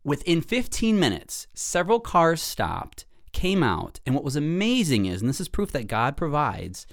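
A man's voice: fairly high pitch, huge pitch swings, normal speed. A man co-hosting a podcast, telling a story in casual chat and laughing often. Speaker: podcast co-host.

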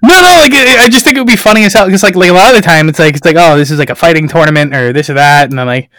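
A man's voice: sits high, expressive, rapid-fire, bright, forceful tone, dry recording. A man chatting casually, telling stories in a loose, profane, filler-heavy way. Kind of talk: casual chat.

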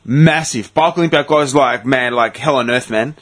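Husky man swearing and storytelling. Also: medium pitch, normal speed, fairly bright tone. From Greece. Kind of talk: casual chat.

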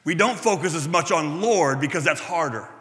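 A man preaching a sermon in a high, bright voice, talking with his congregation more than at them. He checks in with "right?" and drops in playful asides about himself, and his words ring out with a long hall reverb. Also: expressive, normal speed. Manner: conversational, asks the room "right?" often; self-deprecating asides. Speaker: pastor.

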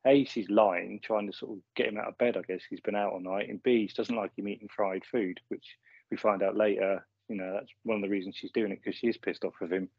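Chuckling man, husky and low. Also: fairly even intonation, a little fast, no echo. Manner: chatty, chuckles often. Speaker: podcast co-host. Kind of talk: casual chat recapping a sitcom episode. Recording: slightly muffled lo-fi audio.

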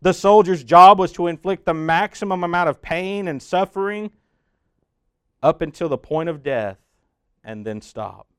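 Male preacher, guided-sermon narration, higher-pitched dry voice, big loud-to-hushed swings. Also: moderate pace, smooth, no room sound. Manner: addresses the listener as "you", swelling loud then dropping hushed.

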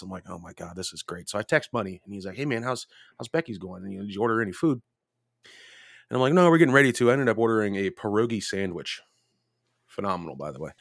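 A low-voiced man spins a long, rambling bar story in casual podcast chat, swearing freely. His voice is close and dry, with no room around it. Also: vocal fry, fairly bright tone, dry recording. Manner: profane, rambling anecdotes.

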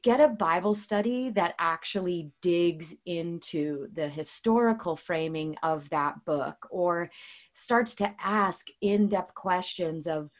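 A woman guest and author talking casually about faith, earnest and chatty, with many fillers and restarts. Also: on the low side. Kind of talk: casual faith talk with storytelling.

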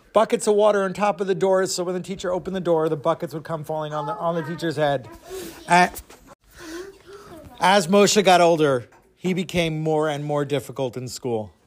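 A man telling a story to a group of children, expressive, with dramatic pauses. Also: on the high side.

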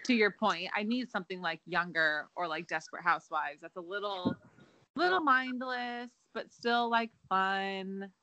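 Bright-voiced chatty young woman. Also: mid-range voice, moderate pace, no room sound, low-quality recording. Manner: chatty, lots of "like", playful. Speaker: podcast co-host. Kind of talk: casual chat.

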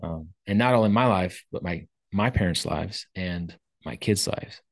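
A man's voice: deep voice, normal speed, no echo, studio quality. A man co-hosting a podcast, sharing in a laid-back, reflective and grateful casual chat. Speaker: podcast co-host.

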